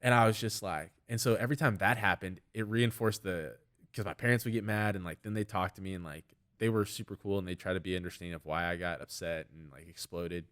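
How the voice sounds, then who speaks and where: A man's voice: deep voice, steady tone, quick pace, fairly bright tone. A man, an MMA fighter and trainer, talking as a podcast guest in a rambling, storytelling way full of "like" fillers. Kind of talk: casual podcast conversation.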